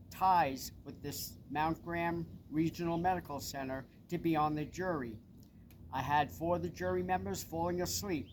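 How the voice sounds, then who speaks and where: A middle-aged man with a Long Island accent, making an urgent, insistent personal appeal straight to camera. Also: fairly high pitch. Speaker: person making a public complaint. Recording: noisy with vehicle sounds behind.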